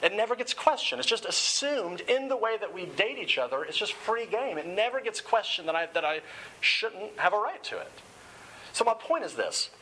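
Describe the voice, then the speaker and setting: A man's voice: high-pitched, sing-song, moderate pace, pushed and bright, slight background noise, rough recording. A man giving a sermon-style talk, often repeating words as he starts phrases.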